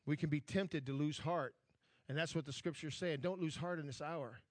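A man preaching with a somewhat high voice, earnest and driving, swelling in force whenever he quotes scripture. He repeats words, asks his listeners for an "amen," and the sound is dry and close with no room echo. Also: moderate pace. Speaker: pastor. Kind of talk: sermon.

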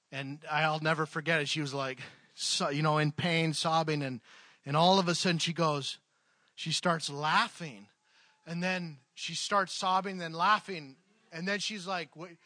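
A man's voice: on the high side, fairly even intonation, moderate pace, bright, forceful tone, dry recording. A man preaching a sermon, telling a story conversationally with fillers, then leading a prayer. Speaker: pastor. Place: church service.

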